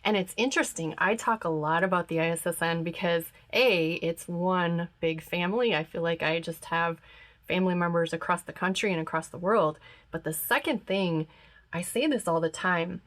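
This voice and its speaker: A woman hosts a podcast interview with a rather low voice. She chats casually and sounds enthusiastic and reflective. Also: normal speed. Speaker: podcast host.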